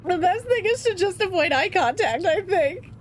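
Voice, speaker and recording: A prim young woman speaks in a courteous, lilting voice with a gently wry edge, as a woman reads her lines. The pitch runs high, and there is hiss behind it. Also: lively intonation, moderate pace.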